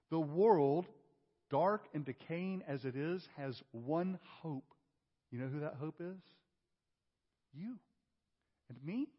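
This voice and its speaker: A male pastor preaching a sermon, asking rhetorical questions and swinging from loud emphasis to hushed tones. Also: sits high. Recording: dull audio with long hall reverb.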